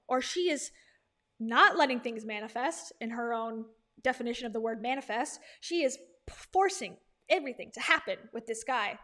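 A woman with a notably high voice talks through a reaction commentary in a loose, chatty way. She leans sarcastic and drops laughing asides between points. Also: a bit bright. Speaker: commentary host.

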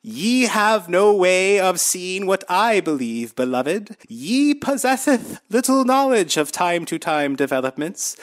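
A man voicing a solemn male prophet who speaks in slow, grandiose, old-fashioned preaching from beyond. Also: high-pitched, voice pushed up, heavily acted.

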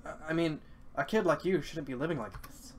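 A man reading out the lines of a gentle, protective masked man from a game, with halting, stammering delivery. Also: on the high side, a little hiss or hum, lightly acted. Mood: earnest. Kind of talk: reading game dialogue aloud.

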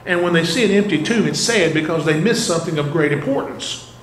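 A man's voice: fairly high pitch, animated, fairly quick, a little hiss or hum. Earnest male pastor preaching in echoey church. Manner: asks the congregation rhetorical questions, earnest. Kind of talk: sermon. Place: church sanctuary. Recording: echoey church room, faint ambience.

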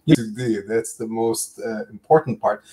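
A man from Israel with an Israeli accent, explaining things in a measured way with fillers, as a panelist on a video call. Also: lowish voice, dark tone. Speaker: clinician panelist. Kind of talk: live panel discussion.

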